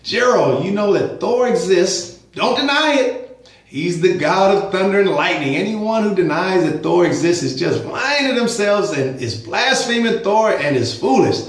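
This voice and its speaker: A man's voice: high voice, very animated, moderate pace, roomy sound, voice pushed up. A man reading out an online commenter's words in a mocking, sing-song voice. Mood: taunting.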